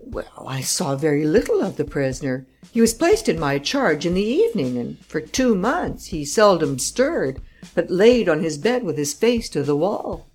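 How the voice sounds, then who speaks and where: Woman doing a nervous prison guard, unsure answers, kinda halting. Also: fairly low pitch, very animated, a little mellow, breathy edge, soft background music. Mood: uncertain. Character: hesitant, plain male prison guard.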